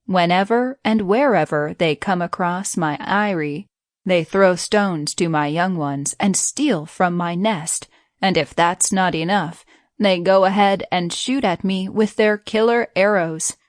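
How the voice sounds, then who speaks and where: A woman's voice: lowish voice, measured pace, no echo, clean studio sound, close to an everyday voice. A woman voicing an embittered mother bird complaining about cruel humans. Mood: bitter.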